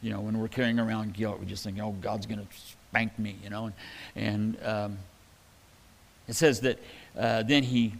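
A man preaching a sermon in a relaxed, conversational way, reading scripture aloud and adding casual asides. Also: on the low side, normal speed, vocal fry, pauses often, slight background noise. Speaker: pastor. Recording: hall reverb.

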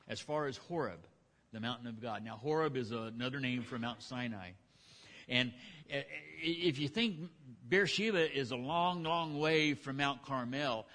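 A man's voice: medium pitch, fairly bright tone. A male pastor preaching in a loose, conversational manner. He retells scripture in plain everyday speech, with the ease of someone talking to his own congregation. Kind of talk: sermon.

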